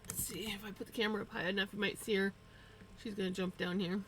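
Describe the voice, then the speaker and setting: A woman streamer chatting casually while crafting, talking to her cats and telling animated stories about them. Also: mid-range voice, fast, slight background noise, poor audio. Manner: animated storytelling with playful voiced asides.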